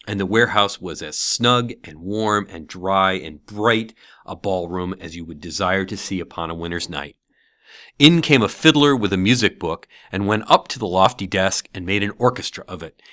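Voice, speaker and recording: A man reading a classic novel aloud as an audiobook, with expressive storytelling. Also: fairly low pitch, no echo, studio quality. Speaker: narrator.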